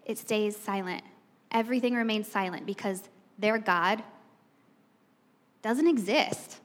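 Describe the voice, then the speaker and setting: A woman with a mid-range voice and a measured pace delivers a conversational sermon. She retells the story chattily and speaks right to the congregation, while the hall gives the recording long reverb.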